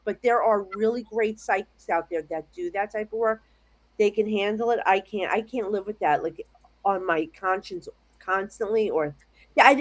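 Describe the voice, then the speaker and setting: Animated, rambling American woman storyteller. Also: a little high. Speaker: psychic medium guest. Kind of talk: casual interview chat. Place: home office at her desk.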